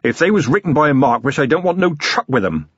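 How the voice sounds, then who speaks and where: A belligerent young village blacksmith with rough country grammar, as a man reading the story plays him. He sounds slightly husky and keeps a defiant edge. The recording is dull and dry. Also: a little high, sing-song, fast talker, fairly bright tone, no room sound, voice pushed up, full character voice.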